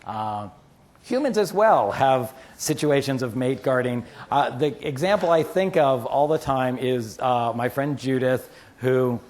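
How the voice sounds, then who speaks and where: A university lecturer, a man, teaching biology with lively stories and quick asides to the class. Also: mid-range voice. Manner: animated storyteller, quotes friends in asides. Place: lecture hall.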